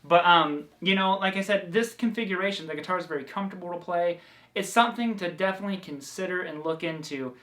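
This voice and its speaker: A man's voice: high voice, fast talker, a bit bright. Chatty Southern man teaching guitar. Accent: Southern American. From American South. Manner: chatty, loose, full of fillers and restarts. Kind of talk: casual guitar lesson vlog.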